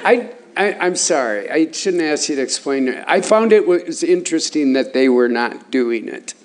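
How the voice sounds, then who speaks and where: A halting, fairly high-voiced male interviewer. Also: lively intonation. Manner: halting, with many ums and repeated words. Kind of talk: casual interview chat.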